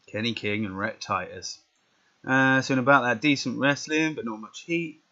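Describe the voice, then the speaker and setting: A man's voice: mid-range voice, normal speed, sharp tone. A man casually commentating a wrestling management game, reading out results with rambling muttered asides. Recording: dull lo-fi recording.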